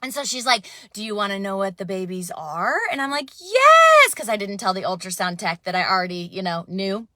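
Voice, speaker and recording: A woman in her thirties telling a personal story in a casual, animated way, acting out the people she quotes. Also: medium pitch, fairly quick, few pauses, dry recording, studio quality. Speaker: vlogger.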